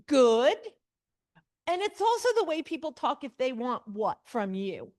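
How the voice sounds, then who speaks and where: A woman leads a literature class in a church classroom, speaking slowly in a fairly high voice. She quizzes her students and teases the text's wordiness with lively asides. The sound is dry and close. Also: dry recording. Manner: animated, questions the class and reads passages aloud; mocks long-winded speech with playful asides. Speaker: adult Sunday class teacher.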